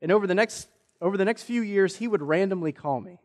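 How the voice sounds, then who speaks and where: A man's voice: high-pitched, fast talker. A male pastor preaching a sermon, telling a personal story in an earnest way. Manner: earnest storytelling, quotes others in lively voices. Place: church sanctuary. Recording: long church reverb.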